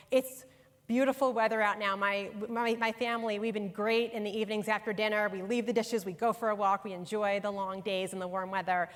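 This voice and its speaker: A brisk, mid-range voice with fairly even intonation comes from a middle-aged New York woman, a workshop presenter and author. Conversational and emphatic, she addresses a live audience of professionals directly in a large conference room full of long hall reverb.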